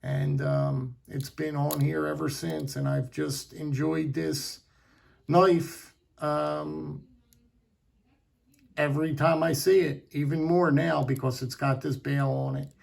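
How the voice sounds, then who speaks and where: A middle-aged man talks to camera about his knives in a rambling, halting way and keeps circling back on himself. His voice is strongly gravelly with heavy fry, and it sits a little high for a man. The tone is sentimental and casual. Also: level tone, a little mellow. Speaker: knife collector vlogger.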